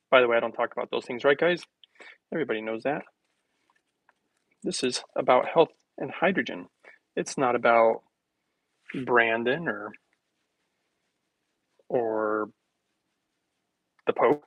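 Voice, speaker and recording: A man hosting a casual health livestream, rambling and joking with viewers, laughing often while making a smoothie in his kitchen. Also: medium pitch, normal speed, long pauses, fairly bright tone, dry recording, poor audio.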